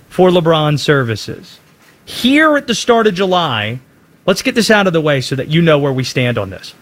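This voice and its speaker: High-voiced guy doing sports takes, super lively and emphatic, swings up and down a lot. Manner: emphatic, opinionated delivery. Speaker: sports commentator. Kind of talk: opinion commentary.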